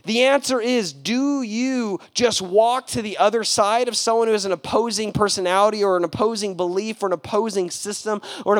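High-voiced, animated male pastor preaching. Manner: animated, casual storytelling with slang. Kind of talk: sermon.

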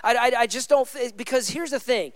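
A high-pitched male pastor delivers a sermon in a casual, conversational way, hammering points home by repeating them. His voice is smooth and resonant, recorded close and dry with no room sound. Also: brisk, no room sound. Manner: conversational preaching with emphatic repeated phrases.

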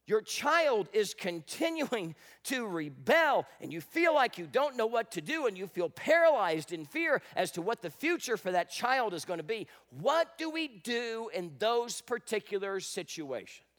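A man preaching a sermon as pastor, swinging between dramatic loud bursts and quiet, intense passages. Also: high voice, sing-song, normal speed.

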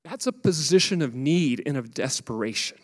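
A male pastor in his thirties preaching a conversational, animated sermon that poses questions to the congregation. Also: medium pitch, moderate pace. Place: church sanctuary. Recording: long hall reverb.

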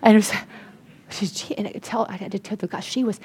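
A woman giving an earnest sermon-style testimony, telling a story and dropping to a hush for quoted lines. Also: medium pitch, quick pace, breathy edge. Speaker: speaker at a Christian gathering.

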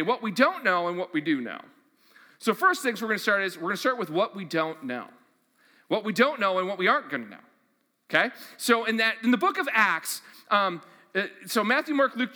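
A man with a high, bright voice preaches a sermon in a casual, energetic way, repeating his questions and leaning on fillers. The sound carries a long reverb from a large church hall. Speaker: pastor.

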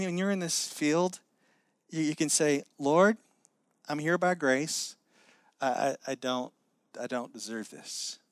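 A middle-aged man preaching a sermon, animated, acting out quoted voices with many restarts. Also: on the high side, dry recording. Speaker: pastor.

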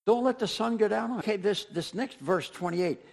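Guy preaching a sermon, chatty, talks right at the congregation, voice sits high. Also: brisk, creaky. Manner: conversational, speaks straight to the congregation with repetition. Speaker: pastor.

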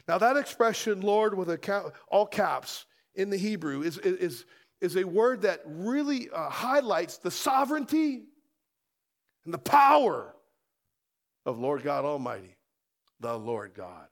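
A male pastor preaching a sermon, emphatic, with rhetorical questions and loud stressed lines. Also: sits high, sing-song, a little slow.

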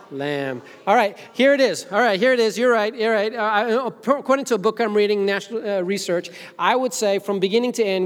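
A woman from Zimbabwe preaching a casual, chatty sermon as senior minister, with joking asides to the congregation. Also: medium pitch. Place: church sanctuary. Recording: long hall reverb.

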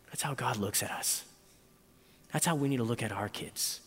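A man in his thirties preaching a sermon, telling a personal story and acting out his own thoughts in lively bursts. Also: medium pitch, moderate pace, long pauses, husky, in a whisper. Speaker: pastor. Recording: long reverb in a hall.

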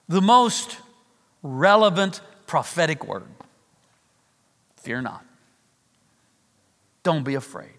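A man's voice: sits high, lively intonation, takes it slowly, pauses often, fairly bright tone. A middle-aged man preaching a sermon, emphatic and fond of repeating key phrases for effect. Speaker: pastor. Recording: long reverb of a large hall.

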